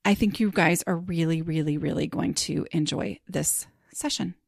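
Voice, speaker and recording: A woman's voice: low voice, moderate pace, gravelly, no room sound, studio quality. A woman hosting a podcast, chatting casually and rambling with many fillers. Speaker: podcast host.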